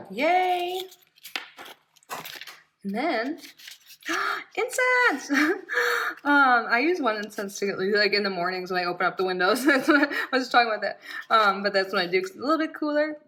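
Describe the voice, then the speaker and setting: A woman's voice: on the high side, lively intonation, fairly quick, pushed and bright, poor audio. Bubbly, giggly woman gushing over a box. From Florida. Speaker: unboxing vlogger. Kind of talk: casual unboxing chat. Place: small home room.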